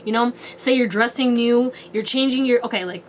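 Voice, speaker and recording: A woman's voice: fairly high pitch, moderate pace, slight background noise. A woman giving a casual tarot reading to her viewers, playful and chatty with a lot of slang and frequent laughter. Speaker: tarot reader.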